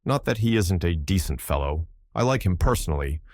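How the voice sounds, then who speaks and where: A man voicing an older baronet who is overbearing and lecherous, with a husky, pushy way of talking. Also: low-pitched, lively intonation, a little fast, darkish tone, no echo, clean studio sound. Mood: domineering.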